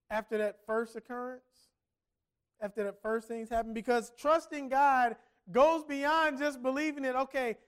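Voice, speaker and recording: A middle-aged man preaching a sermon, telling a story with emphatic swings between loud and soft. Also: extremely high pitch. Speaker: pastor.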